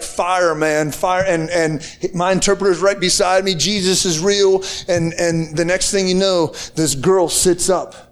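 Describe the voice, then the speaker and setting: Excited high-voiced male preacher. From United States. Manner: excited, casual slang, frequent restarts. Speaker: preacher telling a testimony. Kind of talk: animated storytelling to a group.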